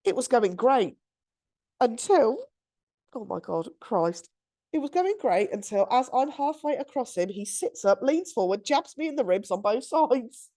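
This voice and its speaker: A woman's voice: on the high side, a little slow. Chatty woman reading a story. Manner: chatty, giggly, animated storyteller. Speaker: podcast co-host. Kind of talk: casual chat, reading out a listener story.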